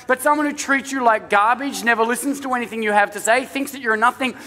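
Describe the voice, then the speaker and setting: A middle-aged pastor delivers a sermon in a large church hall, where a long reverb trails his high, bright voice. He speaks fast and loosely to the congregation, as if chatting, and weaves in funny stories about his family.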